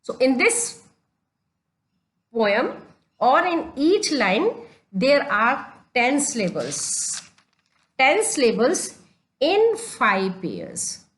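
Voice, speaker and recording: A woman teacher with an Indian English accent, giving a deliberate lecture on poetry and repeating her points step by step. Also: sits high, huge pitch swings. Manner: repeats and restates points, deliberate stepwise explanation. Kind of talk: slow classroom lecture on poetry.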